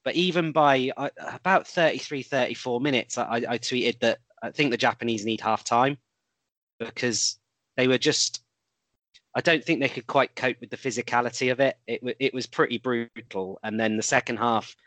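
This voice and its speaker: A man's voice: medium pitch, moderate pace, fairly bright tone, no echo. A man co-hosting a casual rugby chat, rambling a little with restarts and fillers. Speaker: podcast co-host.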